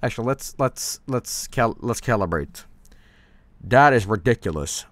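A man's voice: mid-range voice, animated, unhurried. A man streaming a game, chatting casually and swearing as he rambles through tasks and stories. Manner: rambling, profane, easily startled. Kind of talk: casual gameplay commentary.

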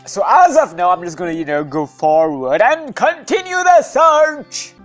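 Slow, playful gaming commentator man. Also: sits high, big pitch swings, soft background music. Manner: playful, chatty, bursts into shouts and sing-song. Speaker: gaming video host. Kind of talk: gameplay commentary.

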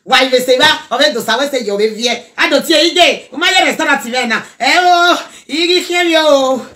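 Nigerian woman, high bright voice, preachy Pidgin reaction rant, bursts into song. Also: brisk. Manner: animated, preachy, mixes Pidgin and local language, breaks into song.

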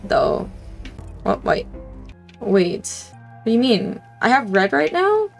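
With a higher voice full of vocal fry, this gaming channel host is very animated yet unhurried, leaving long pauses while faint music plays. Her let's-play commentary is chatty and self-directed: she hums, reads in-game text, startles easily, and laughs at her own frights.

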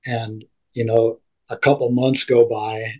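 A man with a husky voice and a flat, even delivery tells a personal story as an interview guest. He stumbles and restarts often. The recording sounds dull and lo-fi. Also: medium pitch. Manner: halting, repeats and restarts words often.

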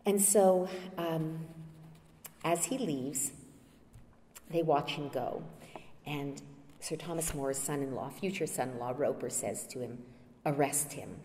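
A woman's voice: sits low, slow pace, pauses often, warm tone, a little hiss or hum. A woman giving a public lecture as a guest speaker, retelling a play scene in a storytelling manner with some hesitant fillers. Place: lecture hall. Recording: reverberant lecture hall.

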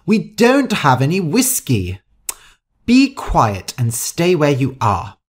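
A man's voice: a little high, wildly swooping pitch, slow, breathy edge, voice pushed up, heavily acted. A man voicing a grumpy, strict old landlady who scolds her lodgers, in a storybook reading. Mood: stern. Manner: stern, scolding.

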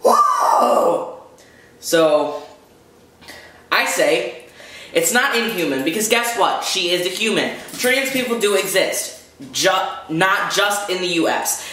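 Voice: mid-range voice, bright, forceful tone. A young adult vlogger from the United States, venting in an angry rant with frustrated outbursts and swearing. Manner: frustrated, swearing, talks in bursts. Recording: very echoey room.

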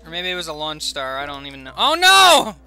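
A man's voice: fairly high pitch, fairly even intonation, rapid-fire, bright, forceful tone, faint music behind. A man streaming a video game, reading the story text aloud with playful jokes and asides.

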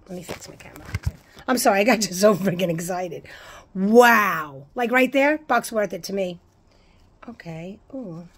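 A woman chatting casually as she unboxes and reads out items, gushing, excitable and swearing freely. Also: mid-range voice, husky. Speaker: unboxing vlogger.

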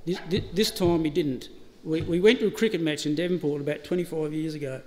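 A man's voice: a little high, fast talker. Australian man telling stories in a hall. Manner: anecdotal, laughing, acts out dialogue. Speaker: eulogy speaker. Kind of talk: eulogy with funny stories. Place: funeral service hall. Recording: reverberant hall, faint ambient noise.

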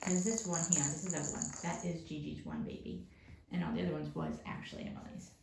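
A woman's voice: deep voice, sing-song, fast talker, vocal fry. A woman breeder chatting casually about her kittens indoors, cooing and trailing off as she forgets names. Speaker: cat breeder. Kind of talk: casual vlog chat. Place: indoor room at home cattery. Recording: roomy echo, faint noise.

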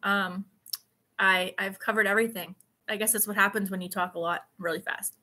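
Bright-voiced chatty young woman. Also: mid-range voice, fairly even intonation, a little fast. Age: 20s. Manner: chatty, rambling storyteller with many fillers. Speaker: vlogger. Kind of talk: casual live stream chat.

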